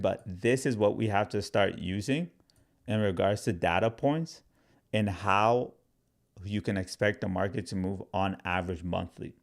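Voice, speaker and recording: In a fairly low voice, a man who teaches crypto runs a relaxed livestream, talking straight to his audience and reading comments out loud. His chatter is loose and filled with "like" and "right?".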